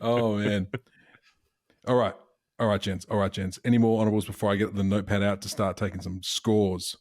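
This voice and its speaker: A man's voice: lowish voice, flat delivery, a little fast, a little mellow, no echo, clean studio sound. A man hosting a podcast in laid-back, jokey casual chat. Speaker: podcast host.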